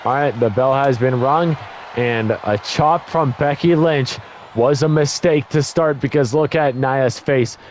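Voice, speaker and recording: A man's voice: mid-range voice, a little slow. Young male gaming commentator, worn voice, eager play-by-play, faint hiss under it. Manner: excitable, blurts exclamations, stumbles and corrects himself. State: voice getting worn from talking. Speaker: gaming YouTuber commentating a wrestling game.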